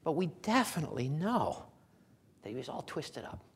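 A man preaching a sermon in a folksy, conversational way, chuckling now and then and building to loud, emphatic declarations. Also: a little high, sing-song, normal speed, vocal fry, a little hiss or hum.

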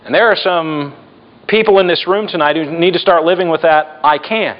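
A middle-aged male pastor preaching a sermon, slowing down and dropping his voice for emphasis. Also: fairly high pitch. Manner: preaching with emphatic slowdowns and dramatic drops in volume. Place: church. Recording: dull lo-fi church recording.

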